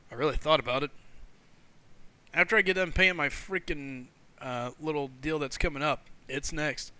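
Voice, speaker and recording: Excitable high-voiced man hosting a stream. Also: moderate pace, clear, resonant tone. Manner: excitable, laughs often, reads chat aloud. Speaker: live-stream host. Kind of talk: casual live-stream chat.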